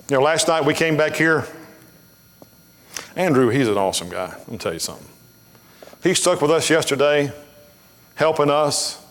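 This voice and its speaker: Folksy pastor preaching in a church. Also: male voice, on the high side, expressive, fairly quick, pauses often. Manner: folksy storytelling, blunt and rising to emphatic preaching. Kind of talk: sermon. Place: church sanctuary. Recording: long hall reverb of a church.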